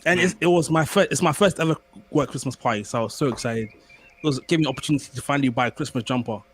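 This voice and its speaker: A young man co-hosting a podcast, telling stories in casual chat with animated repeats and restarts. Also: mid-range voice, quick pace. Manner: animated storyteller, stammers and repeats words. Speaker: podcast co-host.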